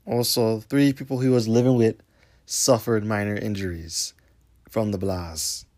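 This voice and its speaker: A young man hosts his own show, talking in a low-pitched voice. His delivery is blunt and rambling, heavy with swearing and street slang. It sounds like a casual, unscripted monologue. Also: fairly even intonation, a little slow, darkish tone. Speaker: host.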